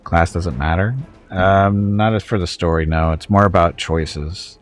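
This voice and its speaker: A man's voice: low voice, steady tone, unhurried, faint music behind. A man streaming a video game, chatting casually with viewers and making wry, chuckling asides. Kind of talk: casual let's-play commentary.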